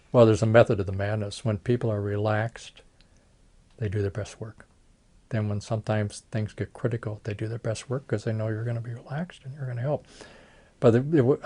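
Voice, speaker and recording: A man's voice: lowish voice, level tone, fairly quick, mellow. Older man telling folksy stories. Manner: folksy storytelling, acts out quoted voices. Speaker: retired plastic surgeon. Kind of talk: oral history interview.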